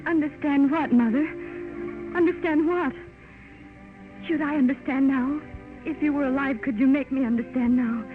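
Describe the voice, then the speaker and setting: An actress in 1930s radio drama playing a young newlywed wife, loving and wistful, with an emotional delivery. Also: female voice, high voice, fairly even intonation, moderate pace, pauses often, lightly acted. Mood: anguished. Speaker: lead actress. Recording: tinny 1930s radio broadcast with music.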